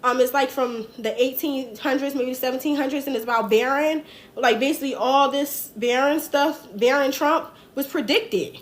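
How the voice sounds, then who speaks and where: A woman's voice: high voice, normal speed. A woman hosting a political livestream in casual chat, rambling and talking in dialect to her viewers. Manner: chatty, rambling, speaks in dialect.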